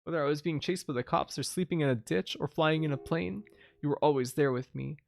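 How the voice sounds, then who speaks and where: A man voicing a brooding young male killer from a video game, reading the lines aloud in a soft, level voice. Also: a little high, fairly quick, gravelly.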